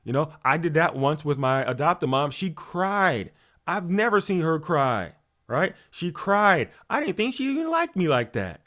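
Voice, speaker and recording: A man delivers a motivational teaching talk with a slightly high voice. He sounds preachy and animated, leaning on rhetorical questions, stumbling restarts and sudden shifts between loud emphasis and softer asides. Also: unhurried. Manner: preachy, repeats words, many fillers and rhetorical questions. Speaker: spiritual coach.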